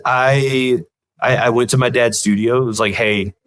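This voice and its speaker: A man's voice: mid-range voice, fairly even intonation, moderate pace, a bit bright, no room sound, rough recording. A man, a guest telling rambling, self-deprecating stories in an interview. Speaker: guest comedian and show creator. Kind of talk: casual interview storytelling.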